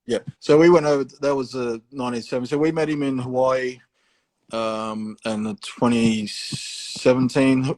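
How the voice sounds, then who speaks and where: A man's voice: mid-range voice, steady tone, measured pace, darkish tone. An Australian man, a tattoo artist, telling stories in a casual, rambling way, full of swearing and fillers. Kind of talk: casual storytelling.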